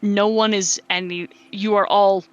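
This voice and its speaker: A woman narrating as game master for a tabletop game, describing a monster in halting, self-correcting bursts full of fillers. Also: mid-range voice, little pitch movement, lo-fi sound.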